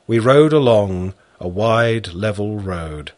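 A man reading a story aloud in a husky voice. His pitch swings widely as he tells it, and he takes his time over every phrase. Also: dry recording. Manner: slow, animated storytelling. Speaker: narrator. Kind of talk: scripted story narration.

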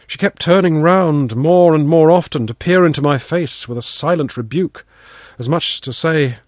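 A man narrating a first-person story in an expressive storytelling manner. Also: fairly high pitch, normal speed, no echo, clean studio sound. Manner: expressive storytelling, voices the characters.

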